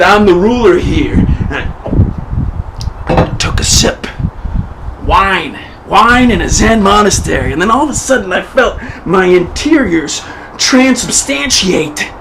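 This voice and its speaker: Manic, profane high-voiced man ranting. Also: expressive, a little slow, background noise. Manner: manic, profane, often shouting. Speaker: performer of an improvised comedy monologue. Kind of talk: profane improvised rant. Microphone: camera.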